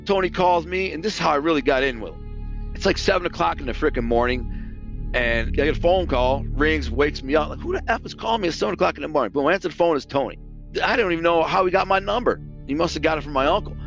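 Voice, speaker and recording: A man's voice: mid-range voice, fairly bright tone, muffled recording. A man telling his past in casual spoken storytelling. He talks bluntly, swears, and acts out the dialogue he quotes.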